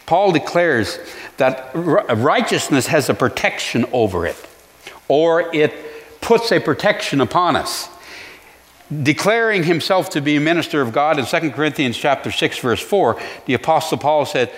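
A male pastor preaching a sermon in an earnest way, pausing to reflect and restarting his phrases. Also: a little high, animated, fairly bright tone, in a large hall.

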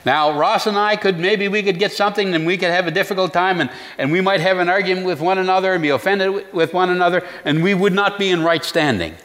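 A male pastor preaching a sermon in an earnest way, pausing to reflect and restarting his phrases. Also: high voice, a bit bright, long reverb tail.

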